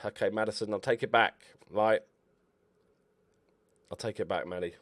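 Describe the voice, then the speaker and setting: A man commentating over his own football management game, excitable and swearing at his players. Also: lowish voice, normal speed, dry recording. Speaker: gaming YouTuber. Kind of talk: Let's Play commentary.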